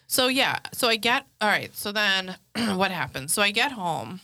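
A woman's voice: medium pitch, sing-song, moderate pace, pushed and bright, dry recording, clean studio sound. A woman in her thirties hosting a podcast, telling frank, profane stories about home life and acting out what people said. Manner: frank and profane, acts out quotes. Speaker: podcast host. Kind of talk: casual storytelling chat.

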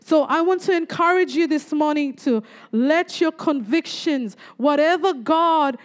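A woman preaching a personal testimony sermon, speaking earnestly and slowly at times, with frequent praise interjections. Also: sits high. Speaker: church speaker giving a testimony.

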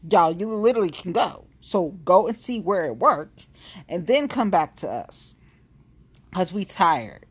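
A woman's voice: lowish voice, lively intonation, unhurried, slightly rough. Blunt, profane woman ranting. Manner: profane, blunt, heated and exasperated. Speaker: activist vlogger. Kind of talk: casual angry rant to camera.

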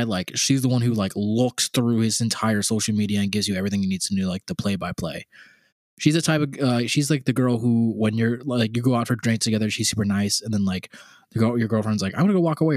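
A man's voice: lowish voice, darkish tone, dry recording. A man co-hosting a podcast, chatting casually and rambling, with lots of "like" and acted-out quotes. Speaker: podcast co-host. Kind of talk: casual comedic chat.

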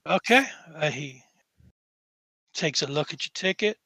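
A man narrates a tabletop game as game master, circling back on himself with filler words and restarts. His voice is fairly high and bright, and it is recorded dry and close. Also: animated, unhurried, husky, no echo. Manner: rambling, with many fillers and restarts.

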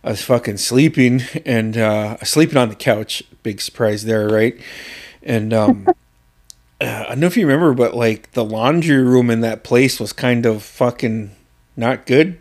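A man in his forties from southeast Alaska, co-hosting a podcast and telling stories in casual chat, swearing freely, acting out quotes loudly and laughing often. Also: mid-range voice, measured pace. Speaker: podcast co-host.

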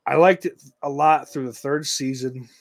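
A man's voice: medium pitch, fairly even intonation, normal speed. A man chatting casually on a stream, rambling and swearing, often trailing off into mumbles. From United States.

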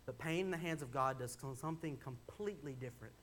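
A man's voice: mid-range voice, quick pace, a bit bright, a little hiss or hum. Young man preaching a sermon. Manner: storytelling, candid and conversational, builds to emphatic preaching. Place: church sanctuary.

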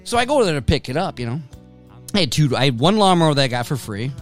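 A man's voice: fairly high pitch, big pitch swings, fast talker, faint music behind. Laughing, swearing middle-aged man. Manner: laughs often, swears casually. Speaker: podcast host. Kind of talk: casual chat.

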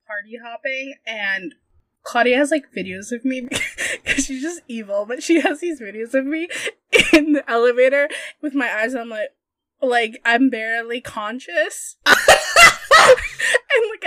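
A woman's voice: a little high, no room sound. A young woman telling a convention party story in casual podcast chat, giggling often and filling her talk with "like". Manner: giggly, animated storytelling with many fillers.

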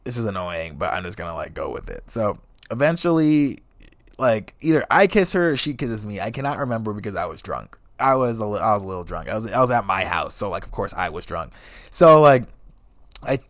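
Animated, swearing young man telling dating stories. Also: lowish voice, a little fast, no room sound. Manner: animated, swears constantly, laughs mid-story. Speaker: vlogger. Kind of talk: profane comedic storytelling rant.

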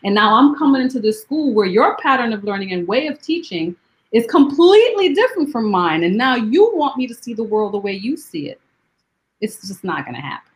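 A woman from Jamaica, a poet guest who talks in lively rhetorical questions and recites her poems slowly and deliberately. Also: a little high, low-quality recording. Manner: rhetorical questions, animated storytelling; slow, deliberate poetry recitation. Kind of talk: conversational interview and poetry reading.

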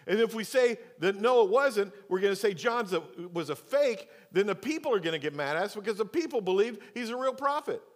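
A male pastor preaching a sermon, moving between loud, emphatic stretches and quiet, low asides. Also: lively intonation, brisk, few pauses. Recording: long church reverb.

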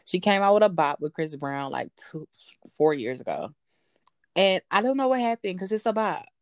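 Woman podcast co-host, low and dry, loose filler-heavy chat. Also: animated, normal speed, dry recording. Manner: chatty, trails off with fillers and self-corrections. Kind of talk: casual chat.

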